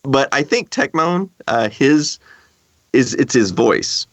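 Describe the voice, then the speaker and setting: A man's voice: mid-range voice, sing-song, slow, dry recording. A man chatting as a guest on a roundtable podcast, hesitant and stammering as he starts his thoughts. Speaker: podcast guest, video creator. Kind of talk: casual roundtable chat.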